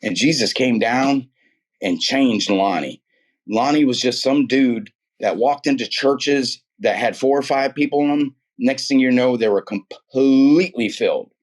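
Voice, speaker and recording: A man's voice: medium pitch, unhurried. A man sharing his faith testimony in a casual, emphatic storytelling way, slangy and fond of repeating himself. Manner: slangy and emphatic, repeats words, calls listener "man" and "dude".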